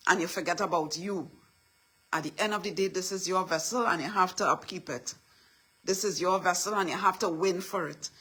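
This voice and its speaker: Middle-aged woman, husky, bright tone, motivational speaker who preaches in repeated affirmations. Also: fairly low pitch, fairly quick. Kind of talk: motivational livestream talk.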